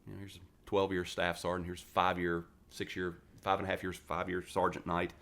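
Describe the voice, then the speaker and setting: A man's voice: deep voice, fairly quick, creaky. A man in his forties, a retired Marine from West Virginia, telling war-and-training stories in a casual, profane podcast chat. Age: 40s. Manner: profane, animated storyteller who acts out quoted dialogue. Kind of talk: casual storytelling interview.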